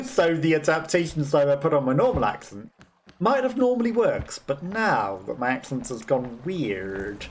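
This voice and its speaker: A man's voice: on the high side, sing-song, normal speed, a little hiss or hum. A man casually commentating on his gameplay as a let's play host, chatting freely and laughing often between remarks.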